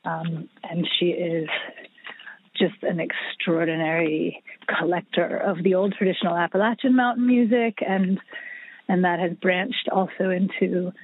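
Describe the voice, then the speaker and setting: A woman's voice: fairly low pitch, steady tone, measured pace. Woman on a tinny phone line. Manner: chatty, lots of fillers and restarts. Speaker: podcast guest, musician. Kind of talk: casual interview storytelling. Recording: husky, dry, phone-like line.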